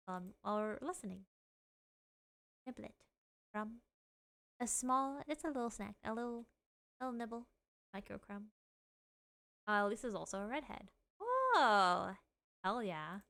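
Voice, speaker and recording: A woman's voice: mid-range voice, gravelly, fairly bright tone. A young woman from California with a Californian accent, chatting casually on a live stream, giggling often and saying "like" a lot.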